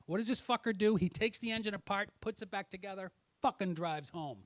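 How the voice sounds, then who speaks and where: A man's voice: sits high, fairly quick, dry recording. Brash, profane stand-up comic man. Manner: profane, brash, teasing the audience. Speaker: stand-up comedian. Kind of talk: stand-up set with crowd work. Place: comedy club stage.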